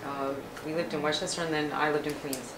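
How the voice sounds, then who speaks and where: A woman in the audience giving short, quick replies during a reading. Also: sits low, steady tone, crowd noise. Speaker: audience member being read. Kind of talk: casual conversation. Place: bookstore event room. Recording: roomy, from far off, faint noise.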